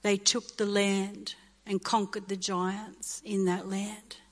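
A woman's voice: mid-range voice, flat delivery, takes it slowly, long reverb tail. A woman pastor in her fifties from Australia, preaching a sermon with impassioned, repetitive bursts of emotion. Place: church hall.

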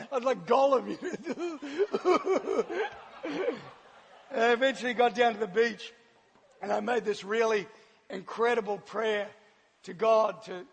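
A man's voice: very high-pitched, vocal fry, slightly rough. A man giving a personal testimony to a live audience, acting out scenes and laughing often as he tells the story. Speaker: guest speaker. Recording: long hall reverb.

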